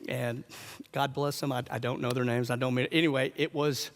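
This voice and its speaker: A man telling animated stories as a speaker at a conference, acting out the voices of the people he quotes. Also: mid-range voice, brisk, big-room sound. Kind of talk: storytelling talk.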